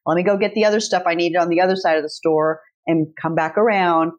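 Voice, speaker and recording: A woman's voice: fairly low pitch, quick pace. A middle-aged woman guest author chatting casually, telling stories with energy and swearing freely. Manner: animated storyteller, swears freely. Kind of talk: casual chat.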